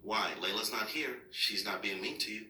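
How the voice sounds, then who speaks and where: Steady father with a low, bright voice. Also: normal speed. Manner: patient, firm and reassuring. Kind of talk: serious heart-to-heart with a child. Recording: echoey room, mic far off.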